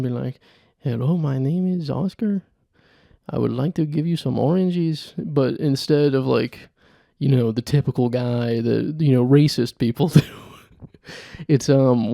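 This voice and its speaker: Gravelly-voiced man rambling on a podcast. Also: mid-range voice, no room sound, clean studio sound. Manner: rambling, deadpan, laughs at own jokes. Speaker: podcast host. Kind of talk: solo comedy podcast monologue.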